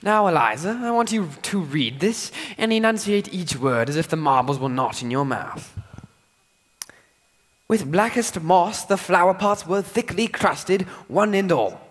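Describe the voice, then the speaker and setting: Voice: medium pitch, animated, moderate pace, lightly acted. A fussy, exasperated male professor, played by a performer in a school stage musical. His lecturing voice swoops up and down as he drills his pupil over and over. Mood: drilling, impatient. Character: Professor Higgins, a fussy, impatient male phonetics professor. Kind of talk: live stage musical acting.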